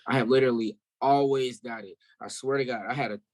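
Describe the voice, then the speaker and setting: Telling stories with open, lively energy, a South Carolina musician chats as a guest in a relaxed interview. He has a mid-range voice and speaks quickly.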